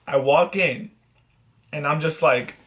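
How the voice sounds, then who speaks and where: Guy with a kinda high voice telling a story on his vlog, animated, cusses a lot. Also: slow pace. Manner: animated, self-mocking, swears freely. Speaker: vlogger host. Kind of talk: casual storytelling to camera.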